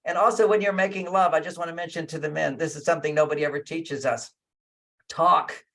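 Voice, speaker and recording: Picture a man with a high, bright-sitting voice giving relationship advice over a video call. He is emphatic and drives points home by repeating key phrases. He slips into little acted-out lines of what a partner might say. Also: steady tone, fast. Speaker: relationship speaker. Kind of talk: lecturing guest speaker.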